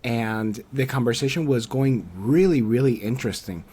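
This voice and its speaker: Animated male podcast host telling stories. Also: medium pitch, normal speed, slightly rough. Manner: animated storyteller, acts out quoted people in a raised voice; candid, swears casually. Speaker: podcast host interviewing a creator. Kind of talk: casual conversational interview.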